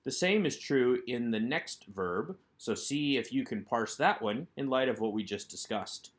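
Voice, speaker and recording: A man's voice: medium pitch, animated, a little slow. A man teaching a recorded workbook lesson as an instructor, working through each item methodically by posing a question and then answering it. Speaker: Hebrew instructor.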